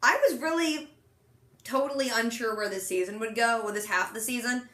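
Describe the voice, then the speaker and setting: A young woman talks through a TV episode in casual chat. She has a high, bright voice and leaps into little quoted voices as she retells each scene. The room around her is echoey. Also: a little fast. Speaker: podcast co-host recapping a TV episode.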